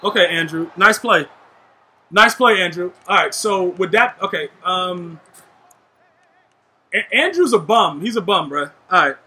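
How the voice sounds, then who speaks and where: A young man giving live gameplay commentary, trash-talking and shouting at his teammates in a hyped way. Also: sits high, animated, measured pace, long pauses. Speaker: gaming YouTuber.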